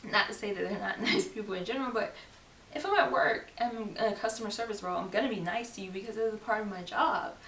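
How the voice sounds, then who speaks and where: A woman's voice: medium pitch, fast, a bit bright. A young woman vlogging in a casual, chatty way, with laughing asides and quoted lines acted out. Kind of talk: casual talk to camera. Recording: roomy echo, distant mic, faint hiss.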